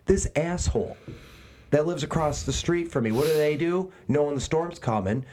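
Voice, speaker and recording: A man's voice: on the high side, lively intonation, normal speed, darkish tone. A man telling a long, profane story as a podcast co-host, ranting and swearing constantly.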